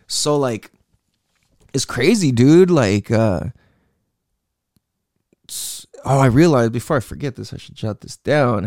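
In a clean, echo-free studio recording, a man in his twenties tells his life story in a loose monologue. He swears a lot and keeps saying "like" and "you know what I'm saying," in a mid-range, slightly mellow voice.

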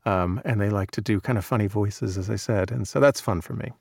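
Male audiobook narrator, relaxed and self-deprecating; low, gravelly, dry studio sound. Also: fairly quick, dry recording. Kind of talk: casual interview chat.

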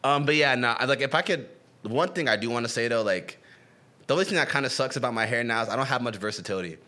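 A young man in easy, comedic chat, his talk loose and full of slang. He keeps acting out little quoted lines and bounces between stories, with his pitch sitting in an ordinary middle range. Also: fast. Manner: animated, slangy, acts out quotes. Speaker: podcast co-host. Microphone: camera-facing home recording.

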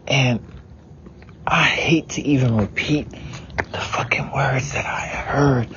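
A man giving a raw, profane personal monologue about family, often sinking into a whisper. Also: mid-range voice. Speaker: speaker venting about family. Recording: dull lo-fi sound with background noise.

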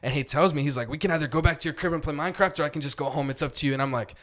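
A man's voice: a little high, racing, a bit bright. Rambling, profane young man telling a story. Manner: rambling, profane, heavy filler words. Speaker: podcast co-host. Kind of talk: casual storytelling chat.

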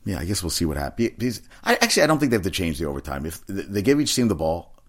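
Talking fast in a low-sitting voice, this personal trainer delivers a casual monologue about sports. He's rambling and excitable, and the swearing comes often.

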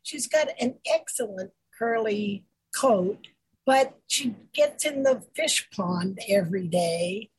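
A woman dog groomer co-hosting a podcast, chatting casually in a gentle, self-deprecating way. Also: mid-range voice, lively intonation, slow, a little hiss or hum, poor audio. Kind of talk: casual chat.

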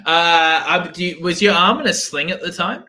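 Bright high-voiced male co-host. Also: moderate pace. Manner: laughing, teasing interjections. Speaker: podcast co-host. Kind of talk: casual chat.

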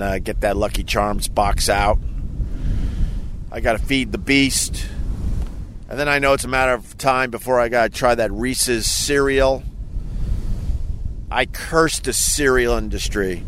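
A middle-aged man from Long Island, a radio host, rambling casually in a self-mocking way outdoors on a quiet beach, breaking now and then into loud mock rants. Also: mid-range voice, a little hiss or hum. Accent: faint Long Island. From Long Island, New York. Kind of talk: casual outdoor vlog monologue.

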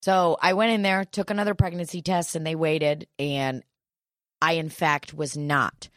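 A woman's voice: low-pitched, measured pace, dry recording, clean studio sound. A young woman from St. Louis telling a profane, comic personal story, laughing often. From St. Louis area. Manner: profane, laughing, animated retelling. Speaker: guest storyteller. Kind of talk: crude comedic storytelling.

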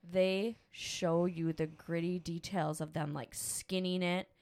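A woman in her thirties, hosting a casual chat and telling animated stories, acting out the voices in them. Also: fairly low pitch, slow pace. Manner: animated storyteller, acts out voices. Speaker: podcast host, mother.

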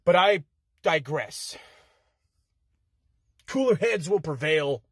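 A man's voice: on the high side, animated, slow, slightly rough, no echo, clean studio sound. A man cutting an aggressive, profane wrestling trash-talk promo from inside a car, sounding heated.

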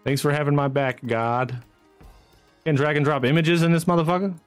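A man narrating as game master of a streamed tabletop game, energetic and chatty, swinging into excited whoops. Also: on the high side, fairly quick, clear, resonant tone, dry recording, faint music behind.

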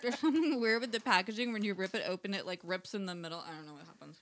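A woman's voice: medium pitch, rapid-fire, a little hiss or hum. A woman chatting casually while tasting snacks, rambling with many fillers and acting out quotes. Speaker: co-host.

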